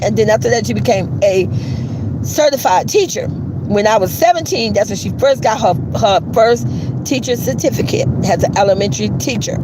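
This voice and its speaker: A woman in her fifties tells stories to her livestream viewers, chatty and laughing often. Her voice sits high and swings widely in pitch. She keeps calling out to the viewers as she talks. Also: noisy background. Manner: animated, chatty, laughs often, addresses viewers as "you guys". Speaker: YouTuber on a livestream. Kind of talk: casual livestream storytelling to viewers.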